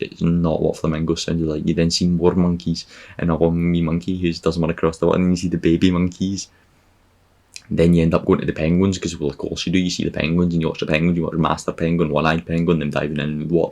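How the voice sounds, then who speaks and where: Scottish man, very deep voice, podcast host, sarcastic, profane, rambling comic monologue. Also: gravelly, darkish tone. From Scotland.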